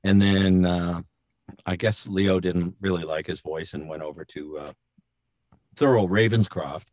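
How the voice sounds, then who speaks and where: A middle-aged man, a voice actor guest on a show, telling animated stories in casual chat and slipping into quick impressions. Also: deep voice, dry recording, clean studio sound.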